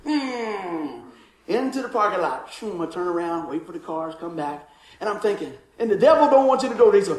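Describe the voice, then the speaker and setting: A man, a pastor, preaching a sermon with animated storytelling and acted-out voices. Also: high voice, a little fast, roomy sound, low-quality recording.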